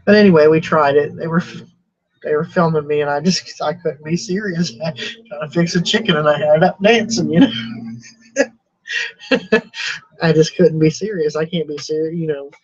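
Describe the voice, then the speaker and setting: Guy with a kinda high husky voice rambling on a live stream, laughs at himself a lot. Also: moderate pace, long pauses. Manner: rambling, chuckling, self-deprecating. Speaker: thrift reseller streaming live. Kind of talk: casual live-stream chat. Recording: dull lo-fi sound.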